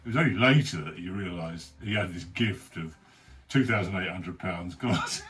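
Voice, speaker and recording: A man's voice: deep voice, lively intonation, measured pace, fairly bright tone, husky. A cartoonist chatting in his studio about his sketches, rambling and mumbling asides, with swearing and chuckles.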